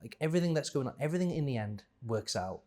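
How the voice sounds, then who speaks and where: A man's voice: medium pitch, lively intonation, racing, dark tone. A man speaking as a podcast guest in a casual conversation, rambling and thinking aloud, often restarting and correcting himself.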